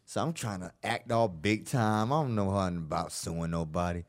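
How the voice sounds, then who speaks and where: A man from Virginia telling a long story as a podcast guest, with animated asides and jokes. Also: low voice, normal speed. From Virginia, USA. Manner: animated, joking, lots of asides. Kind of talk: casual storytelling.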